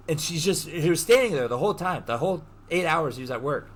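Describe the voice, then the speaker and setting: A man hosting a podcast, retelling a story in a casual, animated way, full of slang and swearing. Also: a little high, quick pace, hardly any pauses, slight background noise. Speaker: podcast host. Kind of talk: casual chat.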